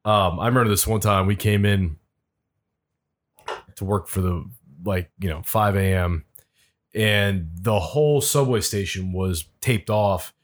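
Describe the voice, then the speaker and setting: A man's voice: sits low, a little slow. A man telling casual, profane stories about late-night city work on a podcast. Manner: profane, laid-back anecdotes. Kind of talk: casual storytelling chat.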